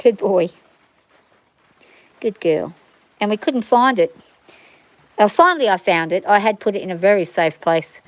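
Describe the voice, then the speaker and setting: A woman's voice: mid-range voice, lively intonation, a little fast, dry recording, poor audio. A middle-aged woman with an Australian bush accent, chatting casually and rambling to viewers on a livestream from her farm. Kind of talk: casual chat. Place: outdoors on a farm in the rain.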